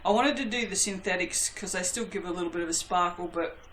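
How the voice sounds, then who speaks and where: A woman's voice: fairly low pitch, fast talker, fairly bright tone, slight background noise. Rambling woman in an echoey room. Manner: rambling, self-deprecating, swears lightly. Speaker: soap-making channel host. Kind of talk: casual chatty craft vlog. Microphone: webcam.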